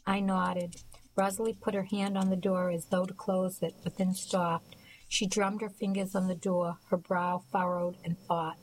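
A woman narrating a novel as an audiobook, in a soft, quiet voice that sometimes drops to a whisper. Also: on the low side, level tone, moderate pace, a little hiss or hum, poor audio.

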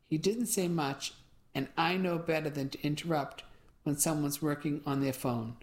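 A woman's voice: low voice, normal speed, a little mellow, natural voice. A woman doing a laid-back handyman guy. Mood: matter-of-fact.

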